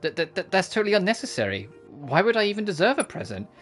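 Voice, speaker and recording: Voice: mid-range voice, sing-song, fast talker, faint music behind, voice pushed up, close to an everyday voice. A streamer voicing Hinako, a shy, modest teen girl who stammers when flustered, in a game playthrough. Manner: stammers, self-effacing.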